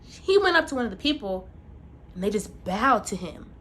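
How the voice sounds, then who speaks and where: A woman telling a folk tale at a storytelling festival, animated with playful asides. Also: medium pitch, moderate pace, a little hiss or hum. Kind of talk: live storytelling.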